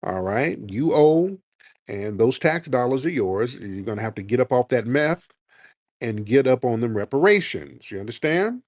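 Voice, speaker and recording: Homem zombeteiro e combativo, som seco. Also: male voice, mid-range voice, big pitch swings, normal speed, darkish tone, no echo, studio quality. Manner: mocking, combative, talks over caller. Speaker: host taking callers. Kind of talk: heated call-in debate.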